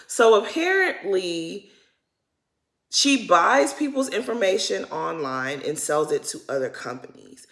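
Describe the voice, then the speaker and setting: A woman giving a casual reality-TV recap, chatty and slangy, swinging between loud emphasis and muttered asides. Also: medium pitch, sing-song, takes it slowly. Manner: chatty, slangy and dramatic, addressing viewers as "y'all". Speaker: recap vlogger.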